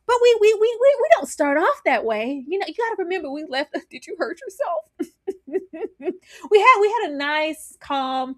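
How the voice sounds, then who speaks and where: A woman co-hosting a casual TV recap, excitable and laughing often. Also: sits high. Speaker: podcast co-host.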